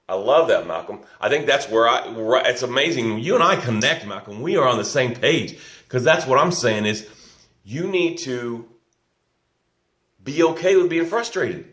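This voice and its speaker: A man coaching business owners over a live stream, talking in an encouraging, folksy way and repeating his key points for weight. His voice sits at an ordinary middle pitch. The room around him is echoey. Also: a bit bright. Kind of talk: live-stream talk reading viewer comments.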